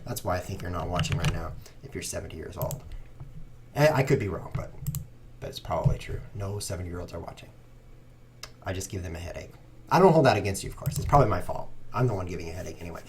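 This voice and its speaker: A man's voice: low voice, lively intonation, fast talker, a little mellow, a little hiss or hum. A man hosting a chess livestream, talking casually and rambling with playful sarcasm at his computer. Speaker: chess streamer host. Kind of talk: casual livestream commentary while playing.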